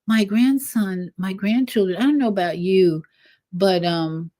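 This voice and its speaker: An older woman hosting a casual spiritual livestream, rambling with animated asides. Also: medium pitch, unhurried. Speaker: livestream host.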